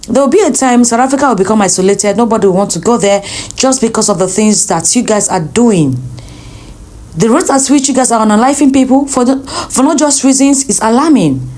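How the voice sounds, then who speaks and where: A woman's voice: fairly high pitch, a little fast, a little mellow. A woman giving emphatic opinion commentary, often repeating her points.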